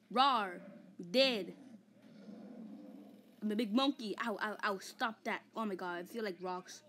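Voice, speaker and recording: A woman's voice: fairly high pitch, sharp tone, a little hiss or hum. A woman voicing a vain, hot-tempered giant male ape in a comic fan dub, taunting and boasting with mock roars. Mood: whiny, angry.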